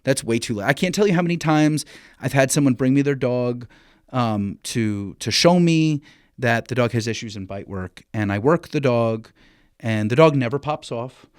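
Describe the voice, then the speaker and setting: A blunt, animated man talks shop on a casual podcast, restarting his sentences and swearing freely. His voice is mid-pitched. The sound is dry and close, with no room echo. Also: moderate pace, clear, resonant tone. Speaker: expert dog training decoy, guest.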